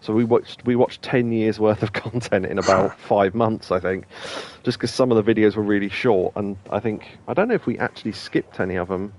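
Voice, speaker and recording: A man's voice: on the low side, a little fast, hardly any pauses, a little mellow. A man hosting a let's play, talking casually and rambling with plenty of ums and asides. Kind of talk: casual gameplay commentary.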